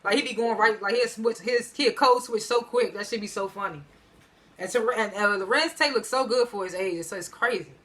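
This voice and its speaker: Chatty slangy woman doing an episode recap, bright tone. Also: a little high, a little fast. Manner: chatty, slangy, laughs between lines. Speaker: TV episode reviewer.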